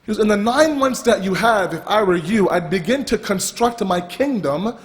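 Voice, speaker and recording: A man giving a religious talk, telling a story with lively pacing, frequent restarts and quoted dialogue. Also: high voice, normal speed. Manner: animated storytelling with repeated restarts. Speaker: religious speaker. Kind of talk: sermon storytelling. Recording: reverberant hall.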